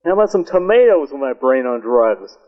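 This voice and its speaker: A man's voice: mid-range voice, very animated, a little fast, natural voice. An actor playing a mocking young man who heckles a public service announcement, in a sarcastic, taunting manner. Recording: phone-like narrow audio clip.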